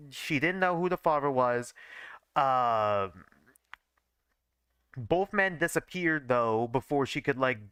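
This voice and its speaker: A man's voice: medium pitch, sharp tone, clean tone, dry recording. A man in his early twenties streams a reading of his old fanfiction, rambling and self-mocking with lots of fillers. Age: early 20s. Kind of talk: casual live-stream commentary.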